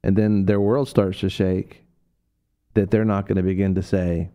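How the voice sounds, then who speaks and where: A man with a low, warm voice preaches on a radio talk show. He tells stories in a loose, rambling way, full of fillers and restarts, and jumps into a high voice to act out the people he quotes. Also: flat delivery, normal speed, clear, resonant tone.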